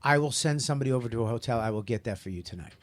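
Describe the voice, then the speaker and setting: This is a man of middle pitch telling a long story in loose, animated banter, often breaking into laughs. He sounds like a host chatting with his co-hosts. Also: rapid-fire. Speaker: radio show host. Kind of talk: casual comedic banter.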